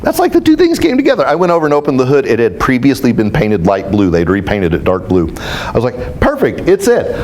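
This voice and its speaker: Lively man telling stories. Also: medium pitch, fast, slight background noise. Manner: animated, self-mocking storyteller. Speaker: spiritual teacher. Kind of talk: storytelling talk to a group.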